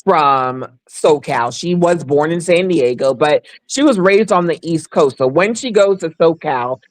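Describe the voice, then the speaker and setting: A woman's voice: low-pitched, expressive, measured pace, no room sound, low-quality recording. A woman hosting a casual livestream chat, talking frankly and rambling with lots of restarts. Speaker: livestream host. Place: abroad, away from home.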